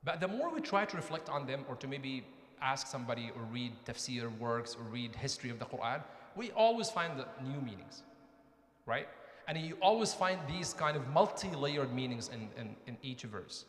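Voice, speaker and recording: A man's voice: mid-range voice, sing-song, moderate pace, a bit bright. A man giving a conversational mosque lecture, often asking the audience questions. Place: mosque hall. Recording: echoey hall with long reverb.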